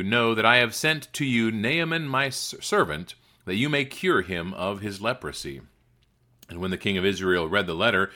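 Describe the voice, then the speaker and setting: A man reading scripture aloud in an expressive way, lifting his voice for the quoted speech. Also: on the low side. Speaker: Bible reader.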